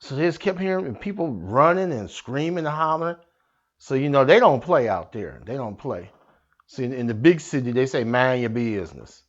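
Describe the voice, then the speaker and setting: A man's voice: mid-range voice, expressive, normal speed, highs cut off. A man hosting a satirical news show, telling the story as a dramatic, slangy comedic rant.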